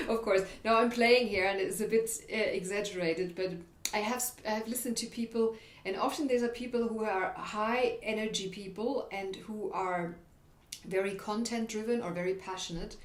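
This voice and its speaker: A woman's voice: mid-range voice, fairly even intonation, normal speed. A woman voice coach explaining vocal habits in an instructional talk, illustrating points with demonstrations. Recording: roomy echo, faint background noise.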